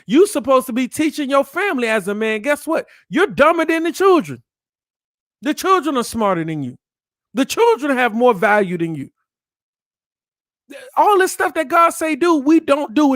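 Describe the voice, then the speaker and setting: A man's voice: very high voice, fairly bright tone, no echo, studio quality. A man, the host of a podcast, preaching from scripture and repeating his lines for emphasis with rhetorical questions.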